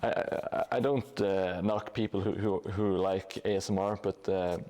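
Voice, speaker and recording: A man's voice: deep voice, fairly even intonation, measured pace, warm tone. A man live-streaming his terrain painting in a casual, hesitant way, with many fillers and restarts. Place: home hobby room above a gym.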